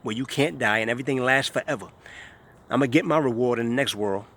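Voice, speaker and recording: A man's voice: medium pitch, quick pace, a bit bright. New guy in his 30s ranting at the camera, scornful, keeps repeating himself. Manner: emphatic, repetitive, scornful. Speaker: vlogger.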